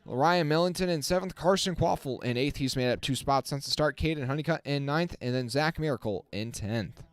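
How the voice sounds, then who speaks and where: A man giving casual live-stream race commentary as the channel host, chatting with his viewers and getting excited on the restarts. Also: fairly high pitch, a little fast. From not from the South. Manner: self-correcting, talks to the chat.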